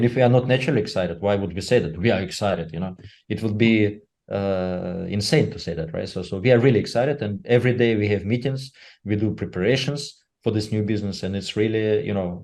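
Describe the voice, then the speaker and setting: A man speaking unscripted on a webinar, halting and filling pauses with "uh" and asking "right?" again and again. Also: on the low side, vocal fry, a little mellow. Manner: halting, full of "uh" and tag "right?". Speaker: company leader speaking on a webinar.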